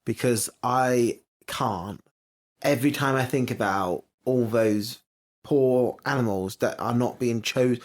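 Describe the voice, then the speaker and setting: Medium in pitch and slow in pace, a young co-host discusses a TV episode on a podcast. His chat is casual and blunt, with plenty of swearing.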